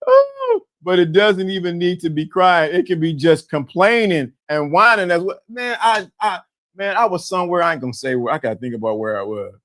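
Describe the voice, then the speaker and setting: Guy hosting a live stream, kinda high voice, laughs a lot, repeats himself. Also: fairly quick. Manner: animated, laughing, repetitive. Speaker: host. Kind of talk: live-stream talk with chat.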